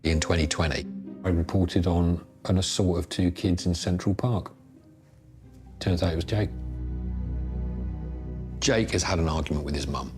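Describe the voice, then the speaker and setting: Deep-voiced middle-aged man, matter-of-fact. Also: normal speed, pauses often, a little mellow, faint music behind. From England. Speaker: crime reporter. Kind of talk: documentary interview.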